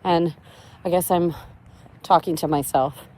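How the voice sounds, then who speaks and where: A woman's voice: fairly low pitch, steady tone, measured pace, dark tone. A young woman venting in a casual monologue, rambling and anxious, swearing often. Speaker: vlogger.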